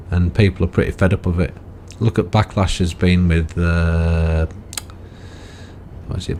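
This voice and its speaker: Deep-voiced rambling man. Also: darkish tone, a little hiss or hum. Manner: rambling, chatty, full of tag questions. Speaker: gaming video creator. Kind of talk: casual gameplay commentary.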